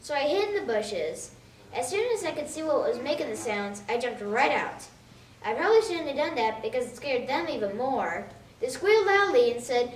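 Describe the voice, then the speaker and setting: A woman giving an expressive, childlike storytelling monologue. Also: high-pitched, moderate pace. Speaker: reader of a monologue. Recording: echoey room from a distance with faint noise.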